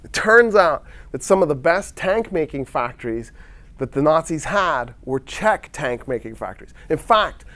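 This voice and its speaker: Man, slightly high voice, casual history storytelling, acts out quoted dialogue, wry asides. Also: big pitch swings, moderate pace, sharp tone.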